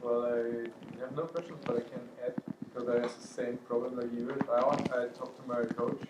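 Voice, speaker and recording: A man at a workshop sharing his experience in casual, halting speech with restarts. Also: medium pitch, steady tone. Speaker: workshop participant. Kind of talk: casual chat. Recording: roomy training hall with background noise.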